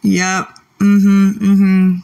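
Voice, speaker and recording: A woman's voice: medium pitch, completely flat delivery, drawn-out words, vocal fry, mellow, recorded from a distance, soft background music. A woman livestreaming late at night, irritated and swearing as she argues back at her chat.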